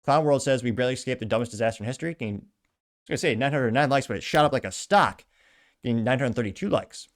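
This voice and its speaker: A man's voice: mid-range voice, lively intonation, fast talker. Sarcastic man reading posts aloud. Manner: sarcastic, muttering asides. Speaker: political commentary host. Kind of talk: reading and reacting to social media posts.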